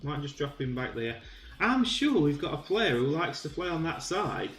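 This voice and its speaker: A Yorkshire man talks through his football management game like a casual match commentator, rambling with ums and sudden bursts of excitement. His voice sits a little high for a man. The sound is roomy, with faint music underneath. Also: normal speed. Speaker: gaming YouTuber.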